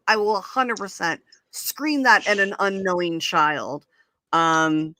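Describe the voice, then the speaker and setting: A woman's voice: medium pitch, slow pace, sharp tone. A woman in her thirties, a guest in a casual chat, bantering sarcastically and swearing often. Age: 30s.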